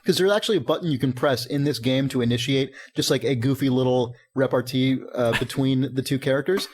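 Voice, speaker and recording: A man's voice: medium pitch, brisk. A man co-hosting a podcast, talking casually and animatedly, swearing freely and laughing often. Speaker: podcast co-host. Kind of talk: casual chat.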